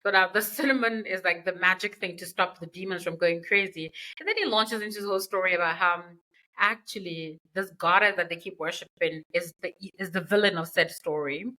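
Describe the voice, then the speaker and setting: A woman's voice: on the low side, fairly quick, bright, forceful tone, low-quality recording. A woman hosting a podcast, retelling a book's plot in a chatty, slangy way with asides. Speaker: podcast host. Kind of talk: casual book recap.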